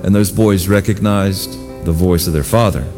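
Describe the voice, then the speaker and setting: Low-voiced male preacher in a reverberant hall. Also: normal speed. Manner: animated, emphatic preaching with repeated exhortations. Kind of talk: sermon. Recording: long hall reverb with faint music.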